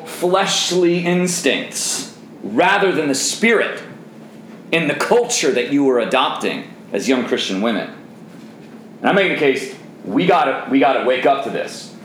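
A man preaching a sermon as pastor, animated and raising his voice for emphasis. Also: mid-range voice, roomy sound, a little hiss or hum, low-quality recording.

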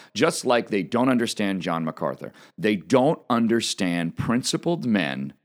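A man's voice: on the low side, fairly bright tone. Emphatic man hosting political commentary. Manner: emphatic, repetitive, addresses audience directly.

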